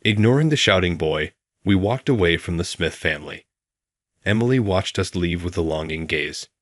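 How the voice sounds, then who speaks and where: Man telling a first-person story, calm and steady, low voice, dry sound. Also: normal speed, no room sound.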